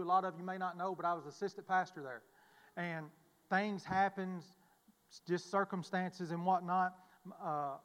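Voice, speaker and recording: A man giving a halting, folksy, self-deprecating testimony from the pulpit of a church. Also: high-pitched, a bit bright, in a large hall. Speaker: preacher. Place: church sanctuary.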